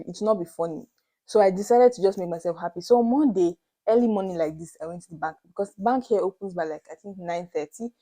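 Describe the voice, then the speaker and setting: A young Nigerian woman vlogger retelling a story to her viewers in an animated, dramatic way, slipping into Pidgin asides. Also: fairly low pitch. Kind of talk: storytelling to camera.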